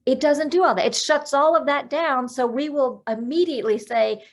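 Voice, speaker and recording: Woman, life coach guest on a video-call podcast; gravelly, practical, counts breaths aloud. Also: sits high, normal speed, hardly any pauses. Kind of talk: podcast interview, explaining calming techniques.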